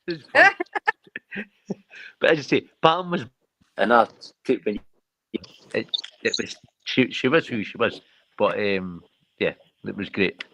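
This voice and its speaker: A Scottish man chatting on a live stream, his pitch sitting a little high and jumping all over as he tells stories. He swears constantly and laughs his way through the banter. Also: measured pace, dry recording. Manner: animated, laughing, profane storytelling. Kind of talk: casual banter with heavy swearing.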